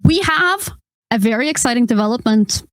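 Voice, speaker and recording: A woman's voice: a little high, animated, moderate pace, no room sound. A woman co-hosting a casual podcast, chatty and loose, with frequent fillers and laughs. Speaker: podcast co-host.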